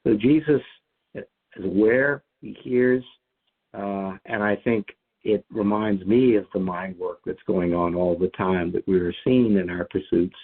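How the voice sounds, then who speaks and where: A man's voice: lowish voice, measured pace, husky. A man leading a lectionary podcast discussion, reflective and thinking aloud with frequent restarts. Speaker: discussion leader. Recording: tinny phone-like line.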